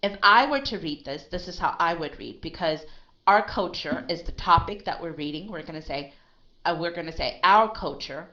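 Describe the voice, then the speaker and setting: A woman's voice: on the low side, expressive, normal speed, sharp tone. Patient woman coaching pronunciation, lo-fi. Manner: patient, corrective, checks in with "okay?" and "right?". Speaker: English pronunciation teacher. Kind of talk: live online pronunciation lesson.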